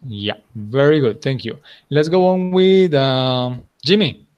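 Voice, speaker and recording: A man with a Colombian accent teaching an English class, patient and encouraging, correcting students slowly. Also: mid-range voice, expressive, smooth, muffled recording.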